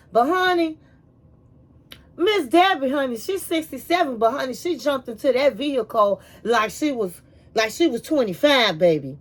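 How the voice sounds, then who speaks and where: A woman hosting a casual reality TV recap, telling the story in a chatty, animated way with asides like "honey". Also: high voice, normal speed.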